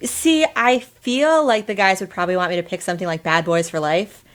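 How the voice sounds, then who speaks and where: A woman's voice: medium pitch, fairly quick. A woman from Boston, a guest on a podcast, chatting casually with laughing, self-deprecating asides. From Boston, USA.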